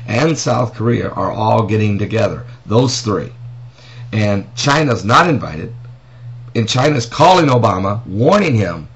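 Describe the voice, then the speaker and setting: A man's voice: medium pitch, vocal fry. A man, a pastor, talking through news and prophecy in a casual vlog, reading an article aloud and stopping to make emphatic points with pointed rhetorical questions. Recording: dull lo-fi audio with faint noise.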